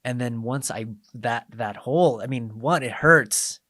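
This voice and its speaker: A man's voice: mid-range voice, unhurried, dry recording, clean studio sound. A man hosting a casual podcast conversation, telling coaching stories and acting out quoted exchanges. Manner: animated storyteller, acts out quoted exchanges.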